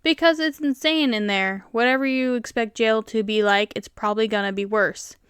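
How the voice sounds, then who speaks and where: Southern woman host, casual storyteller who laughs easily; clear higher voice. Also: normal speed, no echo, studio quality. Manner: animated, laughs often, reads in voices. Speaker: host reading online stories.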